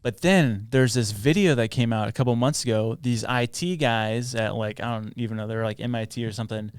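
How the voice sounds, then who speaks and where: A man's voice: mid-range voice, fairly quick, clear, resonant tone, no room sound, clean studio sound. A man co-hosting a podcast in casual chat, playful and rambling between jokes and offbeat theories. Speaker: podcast co-host.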